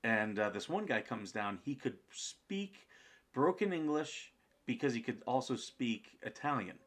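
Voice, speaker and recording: Guy spinning a story on a podcast, acts out the other people, lots of um and you know, mid-pitched. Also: unhurried. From United States. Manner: animated, acts out the people in his story, many fillers. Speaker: podcast guest. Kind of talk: casual storytelling.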